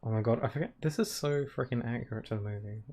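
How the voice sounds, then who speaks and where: This is a man streaming a game and offering casual let's-play commentary, talkative and meandering, full of laughter and "like". He speaks fast in a warm, mid-range voice while faint game music plays.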